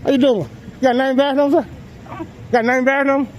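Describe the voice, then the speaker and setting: A man's voice: extremely high pitch, steady tone, quick pace, slight background noise, rough recording. A man filming police from a public sidewalk, talking in a brash, taunting, swearing way and laughing often. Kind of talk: casual street talk.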